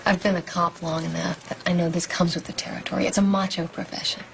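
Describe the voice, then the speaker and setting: A woman's voice: fairly low pitch, flat delivery, fast talker, vocal fry, slight background noise. An actress playing a tough, principled female police officer who speaks in firm, clipped replies. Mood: tense. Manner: firm, clipped, resists pressure. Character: tough young female cop, principled and guarded. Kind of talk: TV movie acting.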